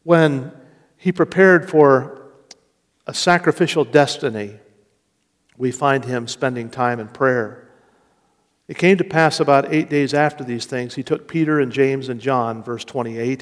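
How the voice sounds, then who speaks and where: A man preaching a sermon with slow, deliberate delivery and rising emphasis. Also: mid-range voice. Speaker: pastor. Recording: long reverb of a large hall.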